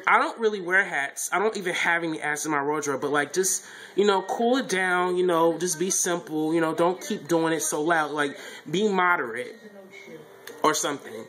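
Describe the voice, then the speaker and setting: A man gives a casual, blunt vlog review of a reality show, repeating himself a lot and sounding animated. His pitch is fairly high and his speed normal, and the recording is rough.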